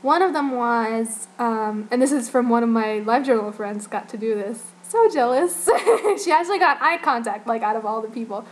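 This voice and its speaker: A woman's voice: on the high side, normal speed, few pauses. A young woman giving a casual, giggly fan report about an event she attended, full of "like" and gushing asides. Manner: giggly, gushing, heavy use of "like". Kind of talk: casual spoken recap.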